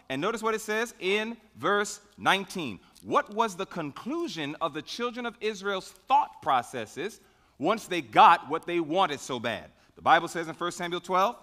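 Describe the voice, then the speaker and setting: A man's voice: sits high, sharp tone. Emphatic preacher man in a reverberant hall. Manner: emphatic, calls and answers his own questions, swells on key words. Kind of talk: sermon.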